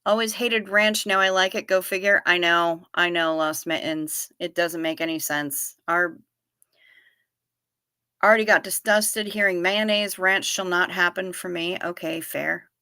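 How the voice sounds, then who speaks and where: Bright, blunt woman livestreamer. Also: lowish voice, steady tone, clean tone, no echo, clean studio sound. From United States. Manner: blunt, salty, quick to tease. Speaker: livestream host. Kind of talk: casual livestream chat, reading viewer comments aloud.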